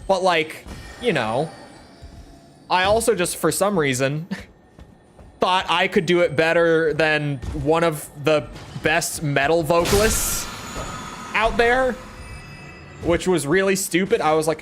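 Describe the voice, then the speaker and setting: Young man, twenties, rambling gaming streamer, speaks from his throat; a touch high-pitched. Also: slow pace, long pauses, fairly bright tone, faint music behind. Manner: talks from the throat to project, chatty and rambling. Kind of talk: casual gaming stream chat.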